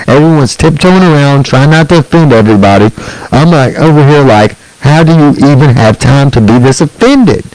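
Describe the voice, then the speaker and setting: A man with a darkish, expressive mid-range voice delivers an angry stand-up rant at normal speed, heavy on sarcasm, swearing, and mocking put-on quotes. The recording has no echo but sounds rough.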